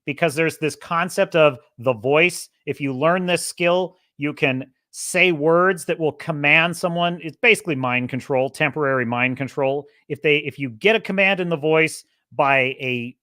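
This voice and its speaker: A man's voice: on the high side, moderate pace, hardly any pauses, pushed and bright, no room sound, clean studio sound. A man hosting a podcast, talking through a film review in a rambling, enthusiastic way and correcting himself as he goes. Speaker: podcast host. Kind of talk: casual film review monologue.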